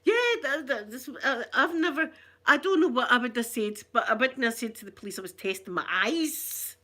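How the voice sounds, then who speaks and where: A middle-aged ASMR channel host from Scotland, with a broad Scottish accent, chats casually on a live stream, reading viewer comments and replying with warm banter and frequent laughter. Her voice is bright, forward and on the high side, at a moderate pace.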